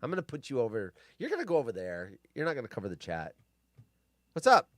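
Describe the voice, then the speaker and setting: A man's voice: mid-range voice, huge pitch swings, fast talker, no room sound. A man hosting a casual live stream, grumpy and profane, ranting and rambling.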